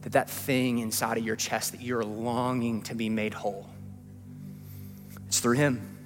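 A man preaching a sermon as a pastor in a church, swinging from hushed pleading to rising, repeated refrains. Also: medium pitch, flat delivery, a little slow. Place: church sanctuary. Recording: long hall reverb with faint music.

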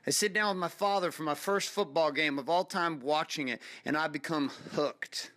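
A man in his forties from California hosts his podcast with a motivational monologue. His voice sits high and sounds forceful and bright. He speaks with emphasis, building intensity as he goes. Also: normal speed. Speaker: podcast host.

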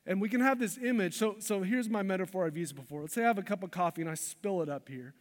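Male pastor, high-pitched, emphatic sermon delivery in a church hall with long reverb. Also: fast. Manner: emphatic, shifts between loud stresses and hushed lines.

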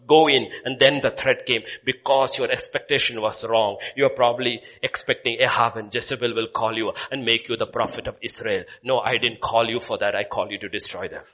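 A man preaching a sermon, swinging from loud declaiming to hushed whispers. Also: lowish voice.

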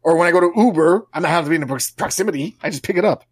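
A man telling an animated story in casual podcast chat, acting out both sides of the exchange in his own voice. His voice sits in a medium range and swings between low, muttered asides and outraged highs. The sound is dry and close to the mic, with no room echo. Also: racing, breathy edge.

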